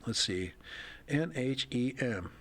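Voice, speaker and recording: A man's voice: medium pitch, expressive, slow pace, fairly bright tone. A middle-aged man hosting a casual livestream, rambling and thinking aloud with chuckles. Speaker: livestream host.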